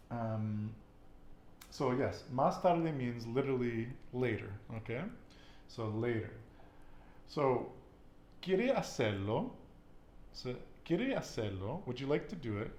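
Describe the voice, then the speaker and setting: A man's voice: medium pitch, slow, long pauses, darkish tone, slight background noise. Patient man teaching with an echo. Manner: patient, encouraging, asks and repeats answers. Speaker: Spanish teacher. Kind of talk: casual language lesson.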